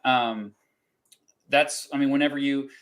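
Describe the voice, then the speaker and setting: A man's voice: mid-range voice, steady tone, measured pace, fairly bright tone, poor audio. Host, man, casual chat, rambling delivery with chuckles and fillers. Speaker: podcast host running a quiz.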